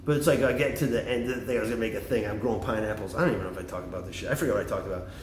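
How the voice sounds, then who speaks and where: A middle-aged man rambling in a profane, excitable vlog monologue, jumping from topic to topic. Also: on the low side, rapid-fire, roomy sound, slight background noise. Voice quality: extroverted and excitable. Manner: animated, swearing, jumps between topics. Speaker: vlogger.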